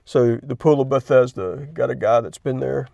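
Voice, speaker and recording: A man hosting his own channel, talking candidly and emotionally about his faith, halting and restarting as he gets worked up. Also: medium pitch, gravelly, dark tone, dry recording. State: chronic pain. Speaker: Christian video host. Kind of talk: emotional personal reflection.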